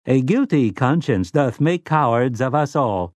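A man's voice: mid-range voice, lively intonation, a little slow, darkish tone, dry recording. Man voicing a prissy, silky robot servant.

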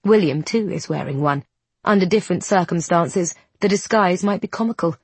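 A woman narrating a story in a measured, descriptive reading. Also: lowish voice, breathy edge, dry recording. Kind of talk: scripted narration.

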